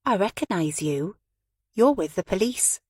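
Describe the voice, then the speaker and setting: A woman reader voicing an angry, scornful woman with a sharp tone. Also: medium pitch, expressive, a little slow, no echo, clean studio sound.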